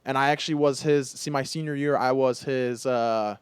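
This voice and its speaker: A young adult man hosting a podcast, telling stories in a casual, animated way with lots of "like". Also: mid-range voice, normal speed, clean tone, no echo. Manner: animated storyteller, heavy use of "like". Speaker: podcast host. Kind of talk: casual chat.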